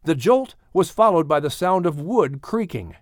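A man narrating an audiobook in a steady storytelling manner. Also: on the high side, moderate pace, no echo, studio quality. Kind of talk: scripted narration.

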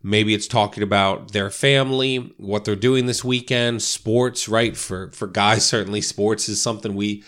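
Coaching real estate agents in a casual, conversational manner, a man often asks "right?" and says "you know". His lowish, slightly bright voice has fairly even intonation, normal speed, and few pauses, in casual instructional talk.

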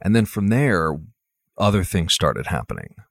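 A man's voice: sits low, big pitch swings, normal speed, vocal fry, dry recording, clean studio sound. A man hosting a podcast interview, listening attentively and asking probing follow-up questions. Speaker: podcast host.

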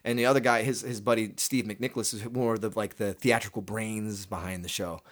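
A man in a relaxed interview, retelling his start as a performer in long, rambling turns. He often restarts a sentence midway and slips into voices to act out what others said. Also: lowish voice, brisk. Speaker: guest, stage performer. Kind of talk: casual storytelling interview.

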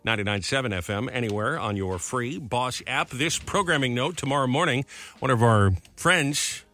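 A man's voice: medium pitch, moderate pace, sharp tone. A man hosting a morning radio show, chatting casually, running through the day's birthdays and reading out listener mail. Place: radio studio. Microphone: studio microphone.

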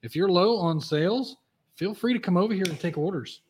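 A man's voice: sits high, fairly quick, a little mellow, a little hiss or hum. A man co-hosting a casual chat, easygoing and teasing, with frequent filler words. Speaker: cigar shop owner and co-host.

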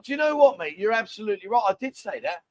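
A man's voice: high-pitched, animated, fast talker, a little mellow, dry recording. A man hosting a casual live stream from a bar, reading out viewer comments in a chatty, joking way.

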